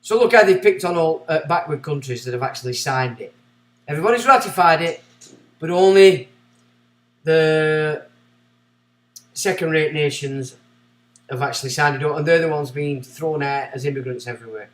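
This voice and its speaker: A man's voice: a little high, normal speed, long pauses, fairly bright tone, roomy sound, recorded from a distance. A man hosting a livestream, reading out passages and breaking off into scornful, sarcastic asides. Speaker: livestream host. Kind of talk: ranting commentary while reading aloud.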